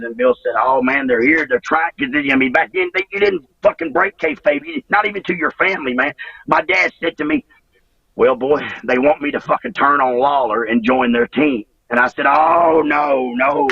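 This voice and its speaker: Raspy man, profane rambling storyteller. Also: on the high side, sharp tone, dry recording, far from the mic, muffled recording. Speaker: interview guest, former wrestler. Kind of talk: casual storytelling interview.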